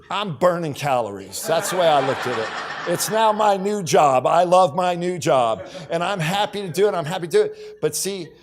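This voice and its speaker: A middle-aged man giving a motivational keynote on a conference stage, telling stories and acting out bits of dialogue. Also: a little high. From United States. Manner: storytelling, acts out dialogue, repeats catchphrases. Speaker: keynote speaker.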